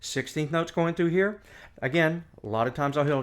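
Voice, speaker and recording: A man's voice: a little high, moderate pace. A man giving a casual music lesson to camera, explaining phrasing and scatting melodies with nonsense syllables, recorded indoors on a camera mic. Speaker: music teacher. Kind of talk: casual instructional talk. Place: indoor room, camera on tripod.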